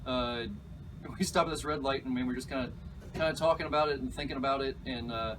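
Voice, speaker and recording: A man telling a story as an interview guest, animated and excitable, laughing as he acts out what others said. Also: medium pitch, fairly quick, recorded from a distance, noisy background. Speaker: alligator catcher, guest. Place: outdoors at an animal park.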